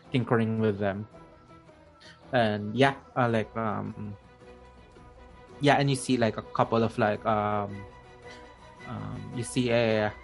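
A man narrating a tabletop game as game master, in a rambling, halting way with many fillers. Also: lowish voice, vocal fry.

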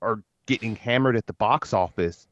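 A man with a lowish voice argues his point on a casual podcast. He is emphatic and restarts his sentences a lot. His mic sounds dry and a bit muffled. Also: moderate pace, a bit bright, no echo. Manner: emphatic and opinionated, stumbling restarts. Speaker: podcast co-host.

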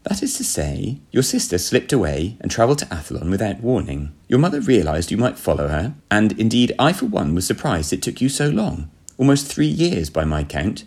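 A man voicing a breezy, coolly unbothered young gentleman spy with an airy, genteel, offhand manner. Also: on the low side, very animated, normal speed, creaky, hardly any pauses, husky, full character voice.

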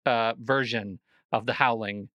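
A man's voice: medium pitch, steady tone, measured pace, sharp tone, no room sound, lo-fi sound. A man hosting a casual chat, enthusiastic and playful. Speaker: host.

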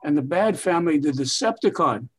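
An older man speaks as a guest in an interview, his voice sitting a little high for a man. He tells stories in an expansive, emphatic way, stretching his phrases for weight. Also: expressive, fairly quick, breathy edge. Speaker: veteran TV writer and guest. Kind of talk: reflective interview storytelling.

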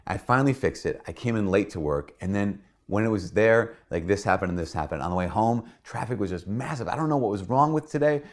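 A man voicing an excited, chatty young wife who pours out her news in a rush. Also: lowish voice, fairly quick, hardly any pauses, natural voice. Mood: frazzled. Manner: gushing, breathless storytelling.

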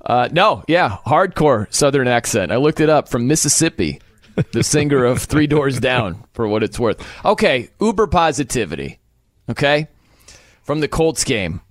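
Animated man co-hosting sports radio. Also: medium pitch, moderate pace, dry recording. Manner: animated, joking, laughs often. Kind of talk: casual sports radio chat.

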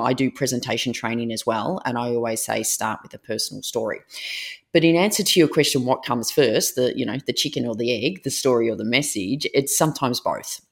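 A woman author and presentation trainer, a guest in an interview, telling stories in a lively way with frequent fillers. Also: rumbling low. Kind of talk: interview conversation.

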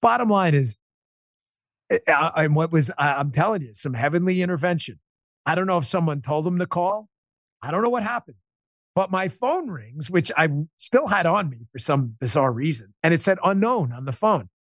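A man guesting on an interview show, telling a personal story in an animated, emphatic way with quick restarts. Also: on the high side, no room sound, clean studio sound. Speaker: podcast host and interview guest.

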